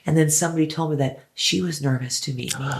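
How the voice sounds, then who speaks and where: A woman's voice: low-pitched, fairly quick, vocal fry. An effusive woman singer chats as a guest on an interview show. She tells her stories with big enthusiasm and swears freely along the way. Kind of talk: casual interview chat.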